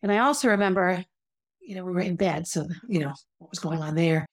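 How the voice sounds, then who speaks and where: With a voice on the low side, this woman talks fairly quickly while candidly recounting her life. Her reflective, confessional delivery is conversational, marked by frequent restarts and asides.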